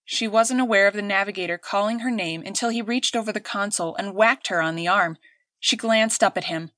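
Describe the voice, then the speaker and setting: A woman reading an audiobook aloud in steady, clear scripted narration. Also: medium pitch, brisk, no echo, clean studio sound.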